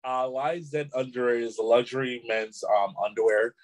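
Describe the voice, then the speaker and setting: A Canadian author and entrepreneur is interviewed, talking casually and rambling, full of "you know" fillers and quick to laugh. His voice is medium-pitched at a moderate pace, and the recording is rough.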